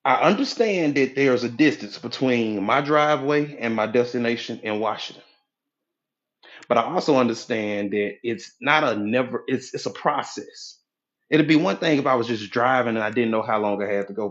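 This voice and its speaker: A man coaching listeners with a preachy, folksy motivational talk in a live audio room, his pitch sitting in an ordinary middle range. He drives each point home by repeating it. The sound is dull and lo-fi. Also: normal speed, fairly bright tone. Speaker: motivational speaker, hypnotherapy coach.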